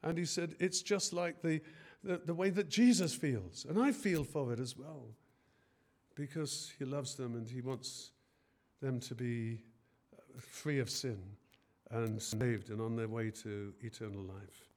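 A man's voice: mid-range voice, unhurried, a little mellow. A man preaching a sermon in an earnest way, often hesitating and rising in force on key phrases.

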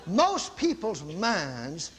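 A middle-aged man preaching, telling a story with animated bursts of loud repeated commands. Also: sits high, very slow, some chatter behind, slight background noise. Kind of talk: sermon storytelling.

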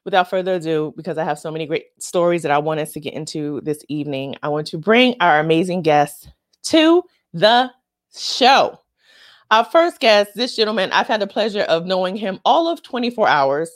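Chatty, excitable woman show host. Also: moderate pace. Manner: animated, chatty, excitable jumps in pitch. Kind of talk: casual comedic monologue.

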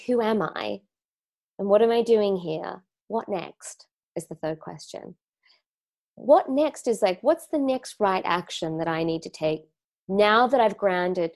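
An Australian woman who teaches wellness gives a live online talk to students in a mid-range, slightly mellow voice. She speaks reflectively and conversationally, with frequent fillers and restarts.

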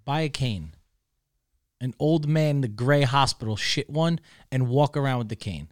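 A man's voice: mid-range voice, normal speed, dry recording, clean studio sound. A man bantering and teasing in a casual podcast chat.

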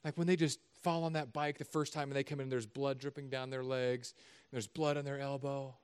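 A middle-aged man, a pastor, preaching a sermon in an animated, conversational, joking way. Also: medium pitch, a little fast, smooth.

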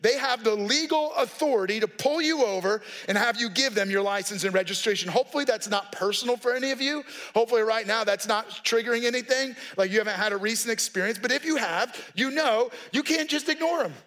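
A man with a notably high-pitched voice delivers a sermon. He talks to the congregation like a friend, mixing casual asides with firm points of teaching. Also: brisk, few pauses, a bit bright. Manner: conversational, folksy preaching with asides. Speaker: pastor.

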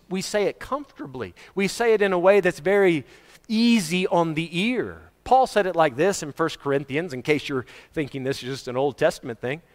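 A middle-aged man preaching a sermon, swinging between booming shouts and soft asides and chuckling often. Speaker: pastor. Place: church hall. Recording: reverberant church hall.

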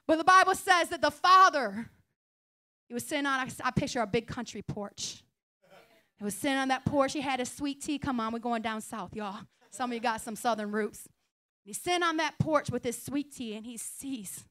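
A woman pastor giving a lively, chatty sermon, joking and acting out quotes. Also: high voice, unhurried, long pauses. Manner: lively, chatty preaching with jokes and acted-out quotes. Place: church.

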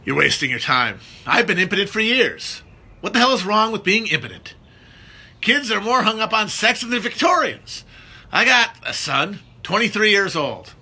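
A man performing a monologue as an embittered aging male hospital doctor, ranting bitterly and building to shouts. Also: sits high, big pitch swings, moderate pace, husky, voice pushed up, heavily acted.

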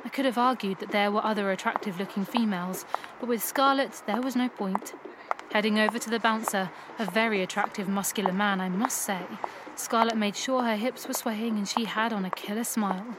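A woman reading a first-person erotic story aloud in a calm, even storytelling voice. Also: mid-range voice, fairly quick, noisy background. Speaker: narrator.

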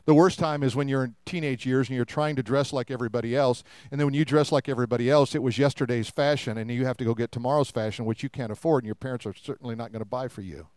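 A man's voice: medium pitch, fairly even intonation, quick pace, hardly any pauses, a little mellow, no room sound. An older man preaching a sermon in a conversational way, with humorous asides and rhetorical questions to the congregation. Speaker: pastor.

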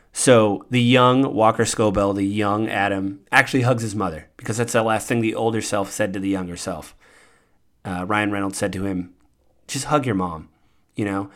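A man with a fairly low voice hosts a podcast and talks through a film's ending. His delivery is casual and earnest, winding through fillers, restarts and loose asides. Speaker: podcast host. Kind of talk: casual movie recap.

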